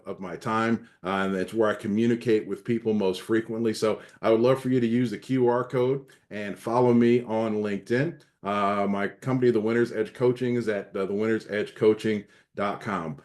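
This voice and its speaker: Earnest low-voiced male leadership coach. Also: a little mellow. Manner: earnest, repeats words and restarts, emphatic. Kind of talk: recorded training session presentation.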